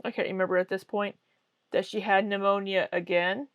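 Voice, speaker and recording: A woman's voice: mid-range voice, steady tone, a little fast, smooth, no echo, dull audio. A woman hosting a reaction commentary with a sarcastic, mocking way of talking. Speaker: commentary host.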